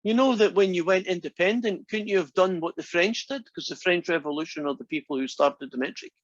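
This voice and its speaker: Speaking briskly in a high voice, a male math instructor lectures with no room sound on a dull lo-fi recording. He's chatty and teasing and frequently questions his students.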